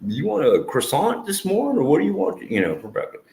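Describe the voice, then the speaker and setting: A man's voice: a little high, wildly swooping pitch, brisk, gravelly, mellow, echoey room, slight background noise, pitched above the performer's own voice, heavily acted. A man voicing an overly polite male jail guard who fusses eagerly over an inmate. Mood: fawning. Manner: fawning, eager to please.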